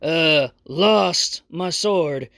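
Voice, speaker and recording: A man's voice: on the high side, very slow, gravelly, pushed and bright, dry recording, studio quality, exaggerated voice. A man putting on a drunken ranting samurai. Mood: drunk, angry. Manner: rambling, angry, slurred. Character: loud drunken adult male samurai, ranting and slurring.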